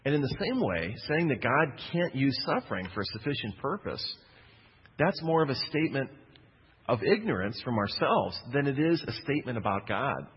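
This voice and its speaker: A man's voice: mid-range voice, very animated, normal speed, slightly rough, big-room sound, muffled recording. A man preaching a sermon, telling a personal story in a conversational way with jokey asides.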